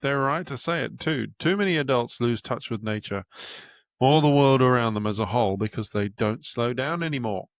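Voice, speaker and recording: A man's voice: mid-range voice, moderate pace, no room sound, studio quality. Candid young man reading his own book. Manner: candid and casual, swears freely, stops to find his place. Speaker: podcast host and author.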